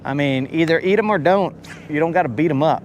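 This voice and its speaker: A man's voice: on the high side, fast, slight background noise. A young man casually talking to viewers while fishing, joking around in playful, slangy banter. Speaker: fishing vlogger.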